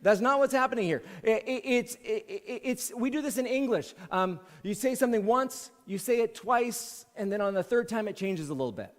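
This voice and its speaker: A man's voice: very high-pitched, animated, normal speed, hardly any pauses. A man preaching a sermon as senior pastor, in a conversational way that repeats key phrases for emphasis. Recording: long hall reverb.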